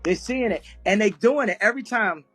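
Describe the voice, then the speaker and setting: A man's voice: high voice, expressive, fairly quick, a bit bright, husky, soft background music. A man telling a story in a casual live chat, often breaking into laughter as he talks. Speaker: guest speaker on an audio chat room.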